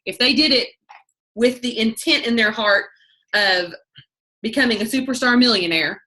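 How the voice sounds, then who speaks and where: A woman with a bright, forceful voice leads a sales team training call. She talks fast and chatty, cuts herself off, and restarts her sentences as she goes. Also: on the high side. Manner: fast, chatty, self-interrupting. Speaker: network marketing team leader.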